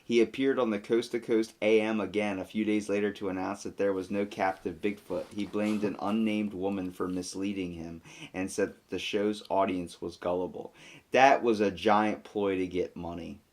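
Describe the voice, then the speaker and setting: A man's voice: fairly low pitch, fairly even intonation, normal speed, a little mellow. A man co-hosting a casual podcast, reading facts aloud and then riffing on them jokingly with plenty of fillers. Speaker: podcast co-host.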